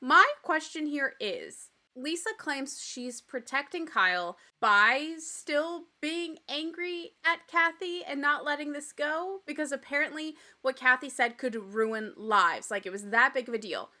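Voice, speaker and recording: Bright high-voiced, opinionated woman podcaster. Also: expressive, a little slow, few pauses. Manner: opinionated, blunt and profane; mimics people she quotes. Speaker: podcast host. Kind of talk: reality TV recap podcast.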